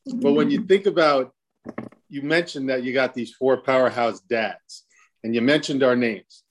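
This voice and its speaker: A man's voice: mid-range voice, moderate pace, a little hiss or hum. A man moderating a live online panel of dads, talking in a loose, joking way with frequent restarts. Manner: rambling, jokey, with restarts. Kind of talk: casual panel discussion.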